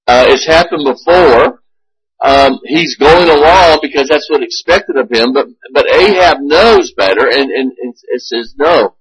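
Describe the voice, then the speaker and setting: A man's voice: fairly high pitch, measured pace, slightly rough, dry recording, poor audio. A male pastor teaching a Sunday school class, reading scripture aloud and then explaining it in plain asides.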